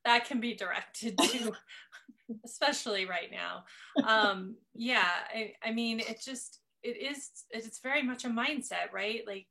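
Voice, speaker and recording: A woman's voice: a little high, unhurried, creaky, pushed and bright. A woman hosting an interview podcast, talking reflectively and encouragingly as she wraps up the conversation. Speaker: podcast host. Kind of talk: casual interview chat.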